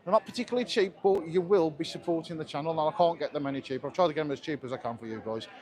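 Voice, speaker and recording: Man, fairly high voice, chatty walking vlog, outdoor street, handheld camera. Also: rapid-fire, a little mellow. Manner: chatty, enthusiastic tour commentary. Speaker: travel vlogger. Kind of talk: walking live-stream vlog. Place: outdoors on busy resort streets. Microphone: handheld camera while walking.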